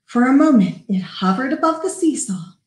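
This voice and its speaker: A librarian reading a picture book aloud to children with lively character voices, stopping to chat with her listeners. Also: sits high. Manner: animated, does character voices, pauses to talk to kids. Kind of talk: storybook read-aloud. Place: library room. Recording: echoey room.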